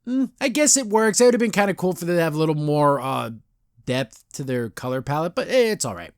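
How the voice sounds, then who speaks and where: With a slightly high voice and a slightly fast pace, this male podcast host reviews a comic in casual conversation, recorded clean in a studio with no room sound. He rambles, laughs often, and acts out quotes as he animatedly retells scenes.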